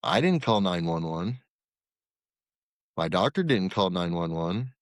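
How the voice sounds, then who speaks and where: Man telling an animated story. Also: deep voice, measured pace, no echo, studio quality. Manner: animated, acts out quoted dialogue. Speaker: podcast guest, former corrections captain. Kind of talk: storytelling in conversation.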